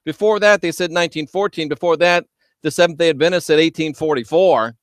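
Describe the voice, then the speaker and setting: Man, livestream host, loud and emphatic, smooth clear voice, dry close sound. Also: on the high side, fairly quick, no room sound. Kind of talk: livestream talk reading viewer chat.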